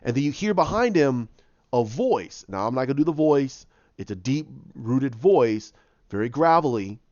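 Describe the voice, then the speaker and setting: A man's voice: medium pitch, expressive, moderate pace, a little mellow, dry recording, muffled recording. A man casually retelling his own movie idea, rambling with many restarts and repeated words. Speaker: fan pitching his own movie plot.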